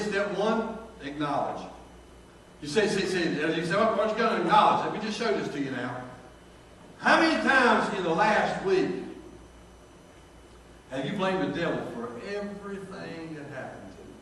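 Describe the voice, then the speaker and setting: A middle-aged man, preaching a folksy sermon in a storytelling manner and reading scripture slowly. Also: high voice, very animated, fairly bright tone, slight background noise. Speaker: pastor. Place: large church sanctuary. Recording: very echoey church hall from far off.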